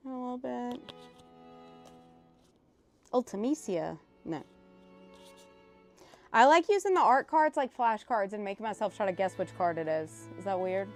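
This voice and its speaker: A woman hosting a casual live stream while opening cards, excitable and emotional, swearing freely. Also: mid-range voice, unhurried, long pauses, faint music behind. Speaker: livestream host.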